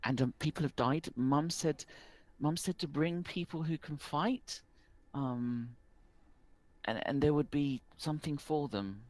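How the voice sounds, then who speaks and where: A man's voice: a little high, unhurried, a little mellow, voice pushed up, lightly acted. A man voicing a timid, polite young boy with a slightly rural accent, who stammers and forgets things, in a tabletop game. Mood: anxious.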